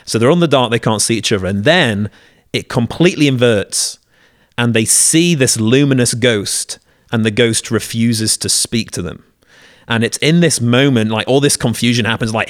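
A man co-hosting a casual literary discussion, retelling scenes with lively acted-out lines. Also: medium pitch, moderate pace, dry recording, studio quality. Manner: lively storyteller, acts out quoted lines.

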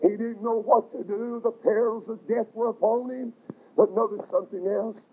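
A man preaching a fervent sermon, crying out at times and filling pauses with "uh". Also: high voice, fairly even intonation, dark tone, slight background noise, low-quality recording. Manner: fervent, breaks into cries, many "uh" fillers.

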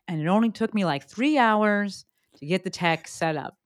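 A woman hosting a podcast, bubbly and joking, with quick asides. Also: medium pitch, expressive, dry recording, faint music behind. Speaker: podcast host. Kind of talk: energetic podcast interview.

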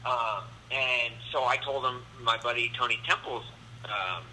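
A man's voice: medium pitch, measured pace, a little hiss or hum, low-quality recording. A man, a guest comedian, telling a story in a casual podcast chat and acting out the voices. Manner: animated, acts out the voices in his stories.

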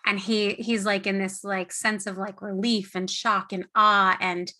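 A woman's voice: medium pitch, flat delivery, unhurried, bright, forceful tone. A woman co-hosting a casual podcast, talking in a bubbly, enthusiastic way. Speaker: podcast co-host.

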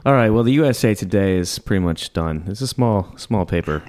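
A man's voice: lowish voice, expressive, fairly quick, darkish tone, slight background noise. A man co-hosting a podcast, chatting casually in a dry, laid-back way. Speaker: podcast co-host. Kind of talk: casual chat.

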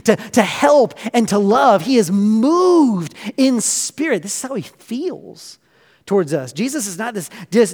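A man's voice: sits high, long reverb tail. A man preaching a sermon as a pastor. He speaks earnestly and passionately, building emphasis with repeated phrases.

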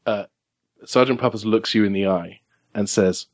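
A man's voice: on the low side, normal speed. A man narrating a tabletop role-playing game as the game master, talking with many fillers and restarts. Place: game store in Burbank.

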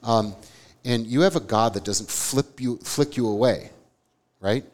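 A man's voice: mid-range voice, measured pace, darkish tone. A man co-hosting a live podcast, talking earnestly and with emphasis, often asking "right?". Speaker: podcast co-host, theology teacher. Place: live event before an audience.

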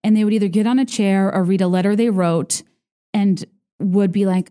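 A woman hosts a podcast in a casual, rambling monologue. She is sarcastic and playful and often uses filler words. Her voice sits mid-pitch with a mellow, warm tone. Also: fairly even intonation, normal speed. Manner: chatty and sarcastic, heavy on "like", mimics others in high voices. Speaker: podcast host.

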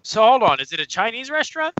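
A man co-hosting a casual podcast, with a bright, tense, crisp voice. He asks pointed questions and makes dry remarks. The sound is close, dry and a little lo-fi. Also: extremely high pitch, sing-song, quick pace. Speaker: podcast co-host. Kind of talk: casual comedic podcast chat. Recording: slightly dull lo-fi sound.

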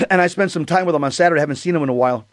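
A man with a fairly high voice recounts an encounter in casual chat, clearing his throat and filling his pauses. The sound is dry and close, with no room echo. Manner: conversational, frequent throat clearing and fillers. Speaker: co-host.

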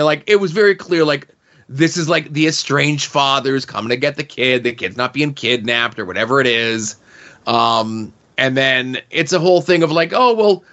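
A man's voice: medium pitch, a bit bright, muffled recording. A man hosting a casual movie review chat, sarcastic and rambling, full of "like" and "okay?" asides. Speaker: podcast host.

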